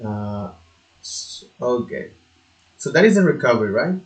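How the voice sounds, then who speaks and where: A man who is not a native English speaker, studying out loud on his own, halting and repeating words, now and then swearing in frustration. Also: medium pitch, very animated. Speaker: self-taught learner. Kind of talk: thinking aloud while studying. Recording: echoey room.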